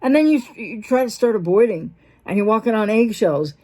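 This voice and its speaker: A woman who is a mental health professional, talking unscripted as a channel host, animated and rambling, with fillers and frequent self-interruptions. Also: brisk. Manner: animated, acts out quoted dialogue with big pitch jumps. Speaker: host of a breakup recovery channel. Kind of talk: unscripted talking-head explainer.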